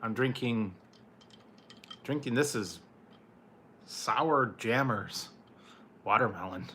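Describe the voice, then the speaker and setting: Male food-review streamer who talks slowly and brightly, easygoing and giggly with his viewers. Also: mid-range voice, a little hiss or hum. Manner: chatty, laughs often, greets viewers by name. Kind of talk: casual live chat with viewers.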